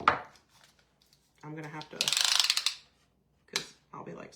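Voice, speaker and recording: A woman's voice: fairly high pitch, animated, unhurried, long pauses, fairly bright tone, slight background noise. A woman hosting a live craft stream, chatty and gushing, greeting viewers by name. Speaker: craft host.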